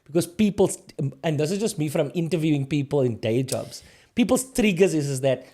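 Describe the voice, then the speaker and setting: Mellow-voiced male podcast host. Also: a little high, expressive. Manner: conversational, with many quick agreements. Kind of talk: casual interview.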